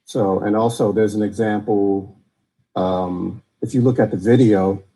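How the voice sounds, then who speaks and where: A man producing the show from a control center, talking casually and haltingly, with many restarts. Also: fairly low pitch, fairly even intonation, dark tone, rough recording. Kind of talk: casual explanation.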